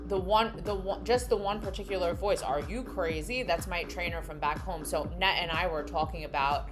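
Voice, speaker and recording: A woman's voice: lowish voice, fairly even intonation, normal speed. A woman live-streaming in a casual, rambling way, laughing often and talking to her chat. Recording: music playing behind the voice.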